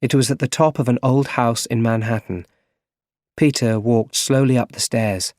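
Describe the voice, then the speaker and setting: A man narrating a story for English learners in a clear, measured reading. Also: medium pitch, steady tone, darkish tone, no room sound. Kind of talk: slow scripted story narration. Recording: dry close recording.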